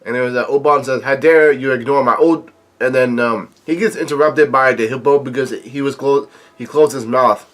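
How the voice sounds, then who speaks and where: In his own reaction video, a man reads comic panels out loud and tosses in side comments. His mid-pitched voice is slightly bright, and his delivery is halting, full of fillers as he keeps tripping over and restarting words.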